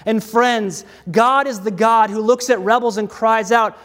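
Man, preacher, sermon, high-pitched, deliberate, repeated refrains. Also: steady tone, a bit bright, in a large hall.

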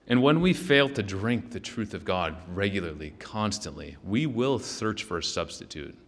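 With a lowish voice, lively intonation, and a moderate pace, a man preaches a sermon in a relaxed, conversational style. He keeps checking in with the congregation, restarting sentences and using fillers, and a large hall's long reverb trails his words.

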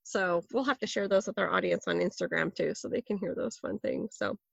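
A woman hosting a podcast in casual, upbeat chat, her voice croaky as she gets over a cold. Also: medium pitch, fairly quick, no room sound, dull audio. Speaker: podcast host.

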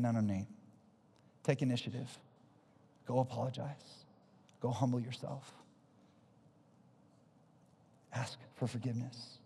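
A male pastor preaching a sermon, earnest and emphatic, repeating key phrases and sinking into low, intense tones. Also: breathy edge. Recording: long hall reverb.

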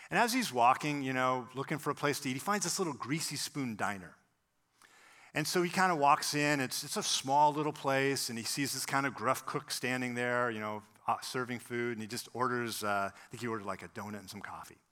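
With a medium pitch and a fairly quick delivery, a male pastor works a story into his sermon, lively throughout and giving voice to the people he quotes.

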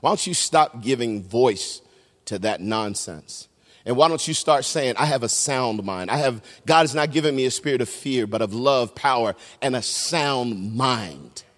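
A middle-aged man preaching a sermon as pastor, swinging between loud shouts and hushed low tones. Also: lively intonation, unhurried, in a large hall. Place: large church sanctuary.

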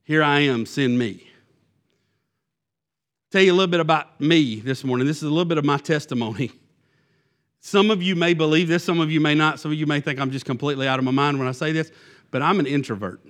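A man's voice: high-pitched, a bit bright. A man who is a youth pastor, giving a sermon in a conversational, self-deprecating way, with many fillers and restarts.

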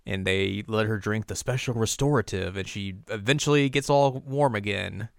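Smooth low-voiced man recapping casually. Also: normal speed, dry recording, clean studio sound. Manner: laid-back, rambling, laughs often. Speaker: podcast co-host. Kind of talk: casual episode recap chat.

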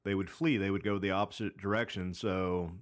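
A man's voice: low voice, fairly even intonation, a little fast. A man in his thirties telling a long personal story in casual chat, rambling with many fillers and restarts. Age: 30s. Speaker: podcast co-host.

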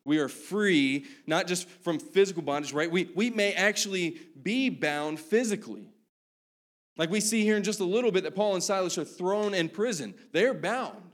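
Pastor preaching casually to his congregation. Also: a little high. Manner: conversational preaching with frequent "right?" asides. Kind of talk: sermon.

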